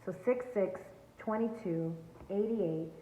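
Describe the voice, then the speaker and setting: At a slow pace and medium pitch, a woman with a mellow voice gives her viewers an earnest, emphatic tarot reading from home near a backyard. Her tone is spiritual coaching. The recording sounds echoey and tinny like a phone, with a little hiss or hum.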